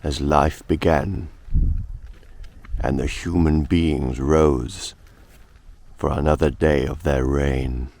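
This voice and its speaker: A man putting on a grave, deep-voiced male narrator, with a croaky morning voice and slow, solemn delivery. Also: steady tone, a little mellow, heavily acted.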